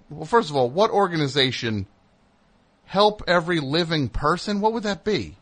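A man's voice: a little high, very animated, normal speed, fairly bright tone. A man hosting a comedy talk show, telling a rambling story in casual chat and mimicking other people in raised voices. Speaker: comedy radio host.

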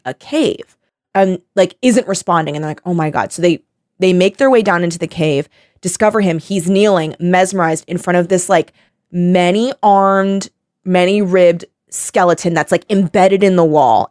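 A woman hosting a casual podcast chat, animated and laughing as she acts out quotes. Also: on the low side, normal speed, dry recording, clean studio sound. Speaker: podcast host.

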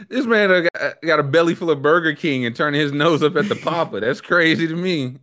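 A man's voice: a little high, fairly quick, fairly bright tone, a little hiss or hum. A man co-hosting a casual chat, joking loosely and trailing into restarts. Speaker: podcast co-host.

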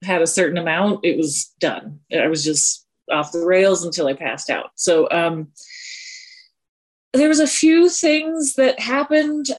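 A woman's voice: fairly low pitch, expressive, a little slow. A woman in her forties from Colorado, speaking earnestly and confessionally as a podcast guest. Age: 40s. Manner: earnest and confessional, with sighs and self-deprecating laughs. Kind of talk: candid personal interview.

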